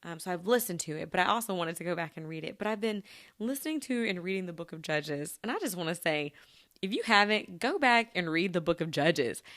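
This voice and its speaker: A woman's voice: on the low side, animated, fairly quick, a bit bright. A woman hosting a casual solo podcast who chats and giggles and talks straight to her listeners. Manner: chatty, giggly, addresses listeners directly. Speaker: podcast host.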